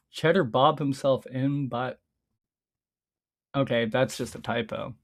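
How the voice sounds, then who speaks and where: A man's voice: mid-range voice, slow, pauses often. A man streaming casually, reading his own scripts aloud in a loose, rambling way, swearing a lot and often stopping to laugh at his own lines.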